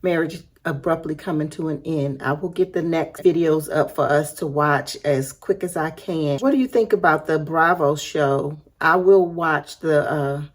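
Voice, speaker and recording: Low-voiced woman vlog host. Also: normal speed, hardly any pauses. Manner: chatty, upbeat sign-off. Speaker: reaction channel host. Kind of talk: vlog outro.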